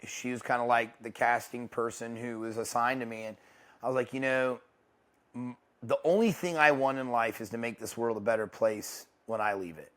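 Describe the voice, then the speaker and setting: A young adult man, an interview guest, speaking candidly and haltingly, with many restarts. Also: medium pitch, fairly even intonation, fairly bright tone. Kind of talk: casual interview talk. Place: ranch home.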